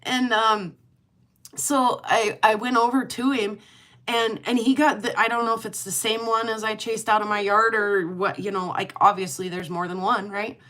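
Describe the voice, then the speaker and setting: A woman's voice: medium pitch, fairly even intonation, moderate pace, a bit bright. A middle-aged woman hosting a casual livestream chat, rambling and laughing often as she talks. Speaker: livestream host.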